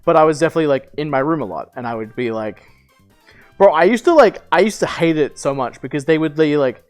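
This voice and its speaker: A young man with a fairly high, light voice chats casually on a live stream, rambling through a story with lots of "like" and restarts and casual swearing. Soft music plays faintly underneath. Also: lively intonation, quick pace.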